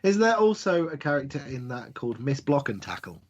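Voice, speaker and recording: A man with a husky, slightly rough voice, co-hosting a casual podcast with dry, teasing wit. The recording sounds dull and lo-fi. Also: mid-range voice, sing-song, fairly quick. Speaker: podcast co-host. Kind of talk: casual chat.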